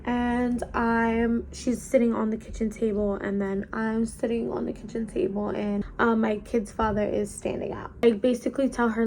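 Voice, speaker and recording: A young woman talks straight to her camera in a loose, chatty storytime, jumping into animated voices for each person she quotes. Her voice sits a little high. There is a faint hiss of noise behind her. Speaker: vlogger. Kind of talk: casual storytime chat. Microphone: camera mic while doing makeup.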